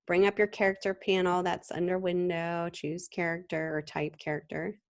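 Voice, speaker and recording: A woman teaching a design class in a screen-recorded software tutorial, talking in a relaxed, conversational way with frequent ums and restarts. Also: on the low side, moderate pace. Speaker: design instructor.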